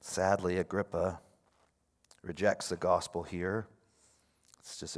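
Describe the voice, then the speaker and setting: Give me a man with a low-ish voice preaching a sermon, casual and animated. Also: takes it slowly, long pauses. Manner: casual and animated, swings from quiet to loud. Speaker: pastor.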